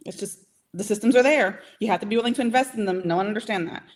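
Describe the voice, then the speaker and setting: Casting note: woman trainer, mid-pitched voice, punchy and motivational, keeps asking "okay?". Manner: emphatic, coaching, keeps asking "okay?" and "right?"; direct and motivational, speeds up and slows down. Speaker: AI trainer for small business owners. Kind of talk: live training talk.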